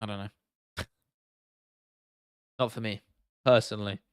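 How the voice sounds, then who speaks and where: A man's voice: fairly low pitch, fairly even intonation, takes it slowly, smooth, dry recording, clean studio sound. A young English man with an English accent, chatting casually on a live stream, reading chat aloud and swearing freely. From England.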